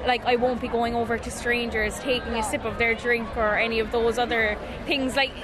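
A woman's voice: on the high side, flat delivery, a little fast. A young woman, talking to a reporter outdoors in a nightclub queue, chatty and earnest. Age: 20s. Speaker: interviewee. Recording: street crowd and noise behind.

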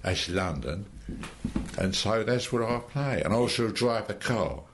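An older actor being interviewed, telling stories in a relaxed, rambling way with many halting restarts. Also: male voice, on the low side, noisy background. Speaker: actor guest. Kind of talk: relaxed anecdotal chat.

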